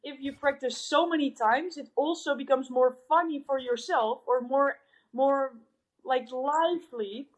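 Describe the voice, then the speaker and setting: A woman's voice: high-pitched, measured pace, rough recording. A woman hosting an interview who talks thoughtfully and often searches for her words. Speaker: host. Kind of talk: conversational interview.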